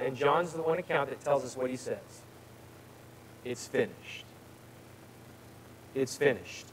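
Pastor, male, slightly high voice, casual sermon delivery that builds on readings, faint room hiss. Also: rough recording. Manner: conversational preaching, swelling louder on scripture. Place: church sanctuary.

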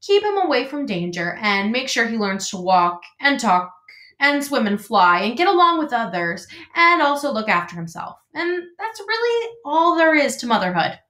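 Woman putting on a bossy old goose lady, storybook, high brisk scolding voice, lively, roomy echo. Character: old gray female goose, bossy and blunt.

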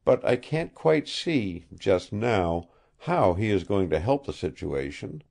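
A man's voice: fairly low pitch, very animated, takes it slowly, creaky, a little mellow, exaggerated voice. Man reading a firm young lawman. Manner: firm, commanding. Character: stern young male law officer. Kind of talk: audiobook character reading.

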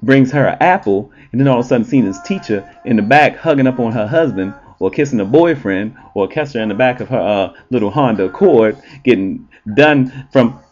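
A man who works as an entertainer and relationship show host, talking in a blunt, profane, animated monologue with frequent ums. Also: medium pitch, brisk, hardly any pauses, muffled recording. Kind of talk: casual monologue.

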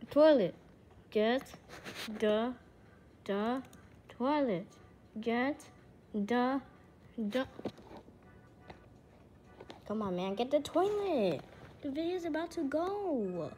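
A woman's voice: sits high, sing-song, measured pace, mellow, slight background noise. A woman voicing a silly, childish talking axolotl that giggles and repeats words over and over in a playful comedy skit. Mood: giddy.

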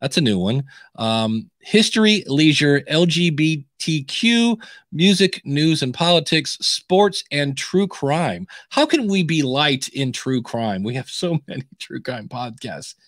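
A man hosting a podcast advice show, chatting in a lively, animated way with frequent restarts. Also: on the high side, unhurried, no echo, clean studio sound. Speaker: podcast coach and host. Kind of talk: casual podcast advice chat.

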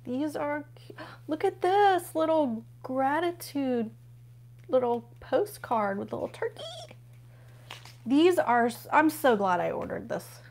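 High and animated yet slow, with a slightly mellow quality, a woman's voice carries a casual home unboxing stream. She raves about the things she unpacks and chats to viewers as she flips through pages.

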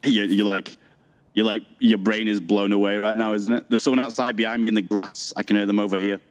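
A man's voice: lowish voice, level tone, brisk. A man on in-game voice chat, chatty and joking, laughing as he talks. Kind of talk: playful in-game banter.

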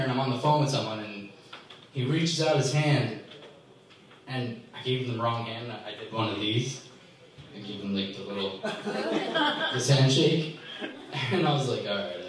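A young man doing a stand-up comedy set in a club, ranting with exasperation and sudden jumps in pitch. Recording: echoey club from far off. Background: audience laughter.

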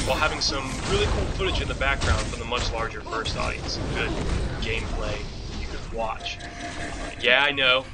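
Chatty man narrating a game tutorial. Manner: chatty, joking asides, frequent restarts. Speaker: gaming channel host. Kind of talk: casual game tutorial voice-over. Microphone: low-quality mic. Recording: noisy low-quality home recording.

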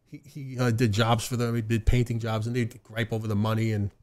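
A man's voice: fairly low pitch, flat delivery, fairly quick, a little mellow. An older man, a father telling family stories in a casual podcast chat and acting out the quotes. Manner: storytelling, acts out quotes. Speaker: father and guest.

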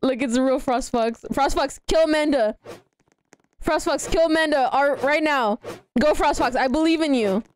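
A young woman in her late teens with a girlish, childlike voice, chatting excitedly and giggling as she streams a game and thanks donors. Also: high-pitched, normal speed, slight background noise. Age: young adult. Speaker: live streamer. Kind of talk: casual livestream gaming chatter.

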